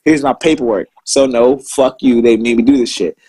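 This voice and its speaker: A man's voice: mid-range voice, normal speed, warm tone, husky, low-quality recording. A man telling old service stories in casual, profane chat, swearing constantly and sounding indignant. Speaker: Marine veteran telling stories.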